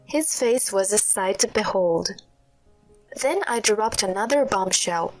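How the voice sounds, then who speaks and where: A woman reading a scripted first-person story in a steady storytelling manner. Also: medium pitch, measured pace, faint music behind, low-quality recording. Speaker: narrator. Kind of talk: scripted narration.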